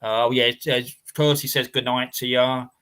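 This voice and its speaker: A man's voice: medium pitch, level tone, normal speed, fairly bright tone, clean tone. An English man hosting a casual live stream chat, rambling and repeating his words as he reads out viewer names. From England.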